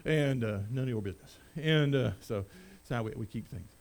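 Preaching as pastor, this middle-aged man swings between loud proclamations and quiet, conversational asides. He speaks at a medium pitch and a fairly quick pace.

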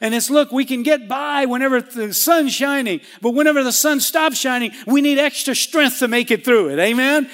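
A man's voice: very high voice, normal speed, few pauses, a bit bright. A man preaching a sermon as pastor, calling out "amen" and "come on" and building to fervent appeals. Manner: emphatic, rising to fervent calls. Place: church sanctuary. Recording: reverberant church hall.

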